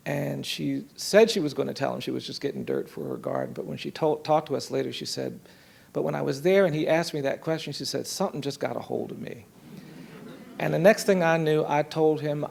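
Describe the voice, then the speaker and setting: A man telling a story from his work in an earnest, measured way, voicing the people in it softly. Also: mid-range voice. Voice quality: gravelly, husky. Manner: earnest, measured storytelling with soft quoted voices. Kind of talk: storytelling talk.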